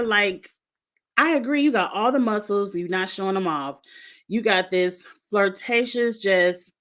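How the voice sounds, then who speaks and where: A woman's voice: medium pitch, a bit bright. A woman in a mid-range voice hosts a casual reality show recap. She is chatty and frank, with strong opinions. She sometimes turns to address the contestants directly. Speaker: reality show reviewer, host.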